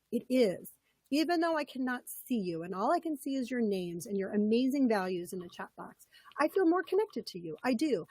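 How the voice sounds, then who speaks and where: A woman's voice: on the high side, no echo. A woman leading a live webinar as a coach, upbeat and conversational, her voice a little scratchy and froggy. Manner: upbeat, conversational, repeats key points.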